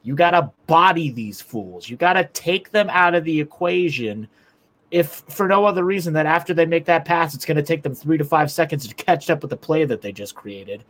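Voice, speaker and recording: A man's voice: on the high side, fairly bright tone. A man co-hosting a casual hockey podcast, talking bluntly and with profanity about how the team should play. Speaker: podcast co-host. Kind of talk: casual sports talk.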